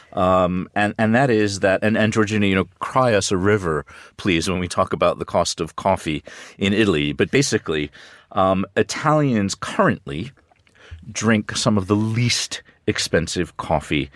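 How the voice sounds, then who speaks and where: A man speaking as a news commentator in a radio studio discussion, measured with a dry wit and frequent ums. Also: fairly low pitch, animated, dry recording. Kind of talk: radio current-affairs discussion.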